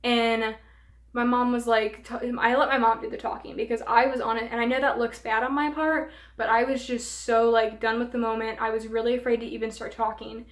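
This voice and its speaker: A young woman vlogger tells a storytime in an animated way, with plenty of fillers. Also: on the high side, brisk. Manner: animated, filler-heavy retelling. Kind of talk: storytime vlog. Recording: roomy room echo.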